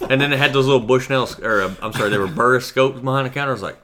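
A man co-hosting a podcast, telling animated anecdotes in casual chat and mimicking the people he quotes. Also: fairly low pitch, very fast, slight background noise. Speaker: podcast co-host.

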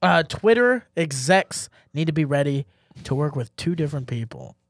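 Male comedy podcast co-host, slightly high pitch, goofy banter, dry studio sound. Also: expressive, normal speed, no echo. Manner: goofy, laughs a lot, does silly voices. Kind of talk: casual comedic chat.

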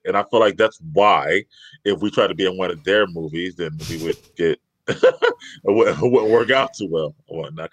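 An easygoing male co-host with a deep low voice, chiming in with quick agreements and laughs. The sound is close and dry. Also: fairly bright tone, no echo. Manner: agreeable, laughs often, short backchannels. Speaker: podcast co-host. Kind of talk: casual chat.

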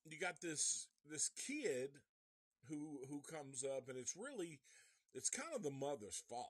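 A man talks through a film in a slow, rambling way, cursing freely and restarting his sentences. His voice sits at an ordinary male pitch. The sound is dry, with no room echo. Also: big pitch swings. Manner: rambling, profane, restarts often. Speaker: movie reviewer. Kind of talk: casual live movie review.

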